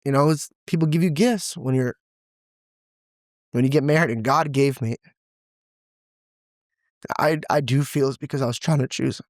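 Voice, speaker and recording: Excitable man telling stories, dry sound. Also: medium pitch, normal speed, long pauses, dry recording. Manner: excitable, often says "bro" and "dude"; emotional and laughing while telling stories. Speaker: podcast guest. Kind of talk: animated storytelling in casual chat.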